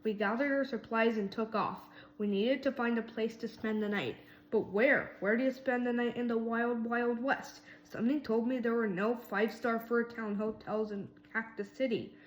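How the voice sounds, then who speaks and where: Woman reading a kids' story aloud, slightly high voice, lively, in a roomy space. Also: moderate pace. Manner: lively, voices each mouse character. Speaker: reader.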